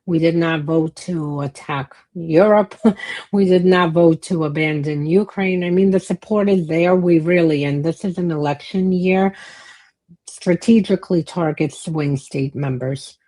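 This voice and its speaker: A woman's voice: on the low side, a little slow, dark tone. A woman co-hosting a casual political podcast, speaking bluntly and swearing freely. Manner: blunt, profane, fired-up. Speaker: podcast co-host.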